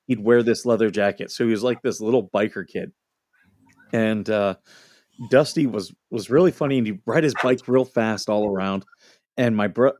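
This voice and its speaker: A man's voice: on the low side, darkish tone, no echo, studio quality. A man hosting a livestream, chatting casually and telling funny stories with frequent laughter. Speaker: livestream host. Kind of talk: casual chat and storytelling.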